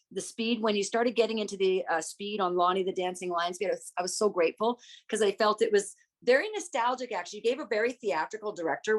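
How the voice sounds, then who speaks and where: Woman judge with a lowish voice, nice but gives a few pointers. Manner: encouraging, gently corrective. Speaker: competition judge. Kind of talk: casual spoken feedback.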